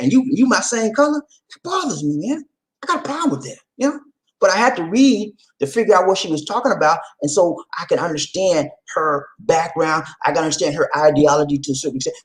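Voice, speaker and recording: A man giving casual video commentary, animated and repetitive, laughing often and speaking straight to his viewers. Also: on the high side.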